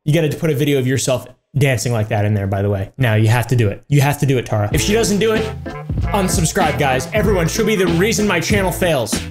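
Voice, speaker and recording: A man's voice: a little high, expressive, quick pace. An American man hosting a casual meme reaction video, joking, swearing and laughing freely. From United States. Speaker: YouTuber host. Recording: voice over loud background music.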